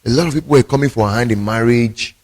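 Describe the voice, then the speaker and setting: A man's voice: medium pitch, fast, a little mellow. A male pastor, preaching emphatically and telling stories in a sermon.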